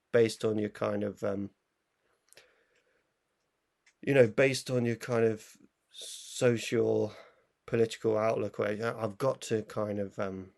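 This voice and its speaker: A man's voice: lowish voice, vocal fry, darkish tone. A man co-hosting a film review show, talking in a rambling, casual way full of fillers and restarts. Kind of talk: casual chat.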